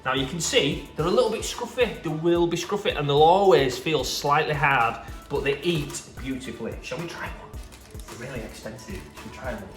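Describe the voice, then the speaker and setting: A man's voice: fairly high pitch, a little fast. Gushing Yorkshire produce man, echoey room. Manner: enthusiastic, gushing about produce. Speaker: produce seller. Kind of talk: casual product demonstration. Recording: echoey room, distant mic, faint music.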